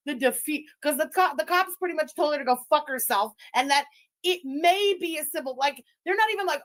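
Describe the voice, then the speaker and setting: A woman's voice: sits high, expressive, normal speed, a bit bright. A woman hosting a live stream, chatting casually, giggling, gloating and swearing as she reacts. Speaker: streamer and channel host.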